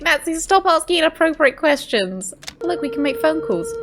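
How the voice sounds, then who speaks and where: A woman's voice: high voice, big pitch swings, moderate pace, hardly any pauses, fairly bright tone, faint music behind. A woman giving playful, joking commentary over a video game playthrough. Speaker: gaming YouTuber. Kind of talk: let's-play commentary.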